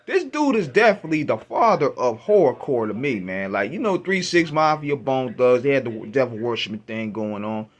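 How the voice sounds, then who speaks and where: A man hosting a radio show, casually retelling his first listen to an album, with an animated, profane, laughing delivery. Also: medium pitch, moderate pace, hardly any pauses. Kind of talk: casual storytelling album review.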